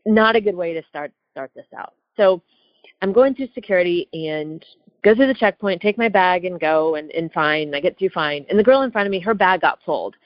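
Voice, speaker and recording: A woman's voice: on the low side, lively intonation, normal speed, no room sound. Heated woman telling a story. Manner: chatty, heated, lots of "like" and "right?". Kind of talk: casual storytelling. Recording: dull lo-fi dry recording.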